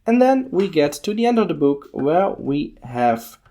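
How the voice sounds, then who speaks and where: A man's voice: on the high side, very animated, warm tone. A man hosting a podcast, casually walking through a book page by page and thinking aloud. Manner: unhurried, musing, thinking aloud with fillers. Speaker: podcast host.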